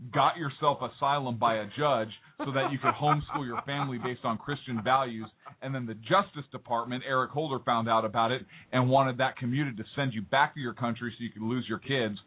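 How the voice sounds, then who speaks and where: A man's voice: medium pitch, fairly even intonation, brisk. A man co-hosting a radio talk show, teasing and rambling through political banter. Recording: phone-like narrow audio.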